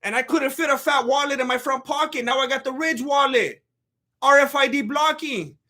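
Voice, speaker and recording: Male comedic host, very high-pitched, bright and tense, excitable stammerer. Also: normal speed. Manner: animated, swings between loud outbursts and low mutters; stammers and restarts. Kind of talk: comedic commentary with a sponsor read.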